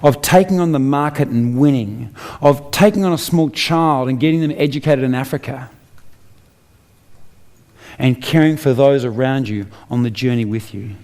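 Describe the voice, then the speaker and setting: A man's voice: medium pitch, moderate pace, a little mellow. An Australian man giving an emphatic motivational speech on stage, full of rhetorical questions. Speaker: inspirational speaker.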